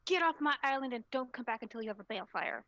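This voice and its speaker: A woman's voice: high-pitched, lively intonation, fast, fairly bright tone, dry recording. A woman voicing a proud, furious faerie noblewoman who rules her freehold, in a haughty, commanding manner.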